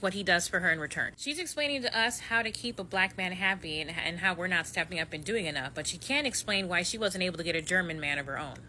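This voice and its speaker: Bright-voiced indignant woman. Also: medium pitch, slight background noise. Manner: indignant, pointed. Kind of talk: social media commentary.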